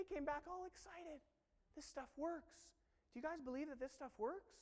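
A man preaching a sermon, acting out dialogue in voices and swinging from quiet talk to shouting. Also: very high-pitched, sing-song, fairly quick, big-room sound.

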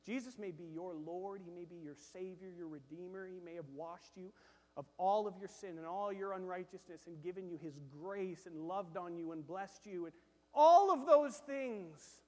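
Pastor guy preaching, kinda high voice, acts out little voices, big echoey church sound. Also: normal speed. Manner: animated, acts out quoted voices, shifts between loud and hushed. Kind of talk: sermon.

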